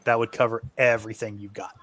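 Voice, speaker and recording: A man's voice: medium pitch, little pitch movement, quick pace, a bit bright, dry recording. Laid-back man running a tabletop game. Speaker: game master. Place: home setup, online stream.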